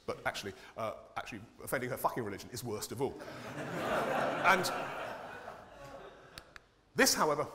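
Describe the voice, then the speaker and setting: A man's voice: medium pitch, a bit bright. A man giving a humorous, irreverent conference talk, swearing freely with dry comic timing. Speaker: conference speaker, cartoonist. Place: conference hall. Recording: long hall reverb.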